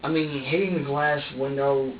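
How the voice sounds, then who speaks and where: A man's voice: mid-range voice, fairly even intonation, moderate pace, muffled recording, slight background noise. Young guy being interrogated, swearing a lot, stammering and repeating himself, far from the mic in an echoey room. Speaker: suspect under police interrogation. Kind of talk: emotional confession.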